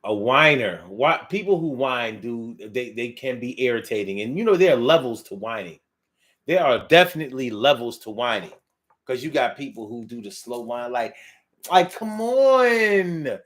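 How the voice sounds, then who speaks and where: A man's voice: mid-range voice, moderate pace. A man from Philadelphia with a Philly accent, talking casually as host of a monologue show, repeating phrases and drawing out words. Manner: animated, repeats phrases, drawls words for effect.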